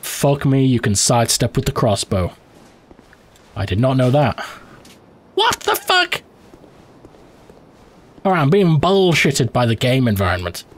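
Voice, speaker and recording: A man's voice: mid-range voice, lively intonation, normal speed. A man hosting a let's play, giving profane, reactive commentary and thinking aloud as he plays. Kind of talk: live gameplay commentary.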